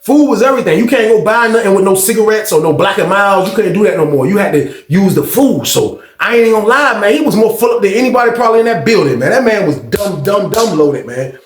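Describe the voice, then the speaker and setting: A man's voice: high voice, fast talker, hardly any pauses. A man telling a story in a casual, slangy way, acting out the dialogue as he goes. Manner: animated, slangy, acts out dialogue. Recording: echoey room.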